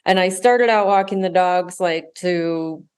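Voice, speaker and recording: A woman hosts a podcast in a casual, chatty way. She talks eagerly and rambles, restarting her sentences as she goes. Her voice sits fairly low for a woman. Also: measured pace, darkish tone, clean tone. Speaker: podcast host. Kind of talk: casual chat.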